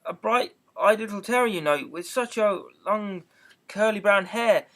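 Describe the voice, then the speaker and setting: An eager, prim young girl rattles on in a bright, raised voice, as a man reading a storybook aloud puts her on. She sounds curious and chatty, rambling from one thought to the next with lively rises in pitch. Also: unhurried. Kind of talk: amateur audiobook reading.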